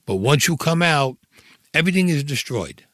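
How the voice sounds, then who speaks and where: A man's voice: on the high side, very animated, normal speed, a bit bright, no echo. A man in his seventies with a Brooklyn accent, bluntly and profanely telling his own story and acting out the voices of others. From Brooklyn, New York. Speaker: interviewee recounting his life. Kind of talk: recorded interview storytelling.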